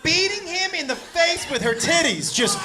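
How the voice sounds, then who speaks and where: Brief: male stand-up comic, very high voice, rowdy profane storyteller, laughing crowd behind. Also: expressive, normal speed, over loud music. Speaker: stand-up comedian. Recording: live stand-up clip with audience laughter and noise. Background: audience laughing.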